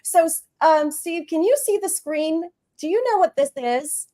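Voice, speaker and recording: A woman with a high, bright-pitched voice chats on a livestream from her home. She is talkative and laughs easily between remarks. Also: unhurried. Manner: chatty, laughs often. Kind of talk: casual livestream chat.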